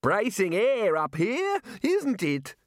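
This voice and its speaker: A man's voice: high-pitched, wildly swooping pitch, slow, no echo, studio quality, pitched above the performer's own voice, heavily acted. A man voicing a jovial, boastful male wizard leader with a cheerful, teasing manner.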